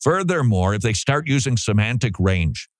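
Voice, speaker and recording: A man preaching with wide swings in pitch, jumping high to mimic the people he criticizes. The sound is dry and close, with no room around it. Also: normal speed, no room sound. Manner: animated, mocking voices in quotes. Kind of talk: preaching commentary.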